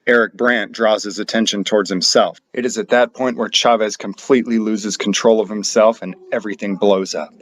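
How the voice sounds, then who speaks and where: A man with a fairly low voice reads a scripted voice-over over his own street footage. His delivery is measured and explanatory. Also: steady tone. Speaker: channel narrator.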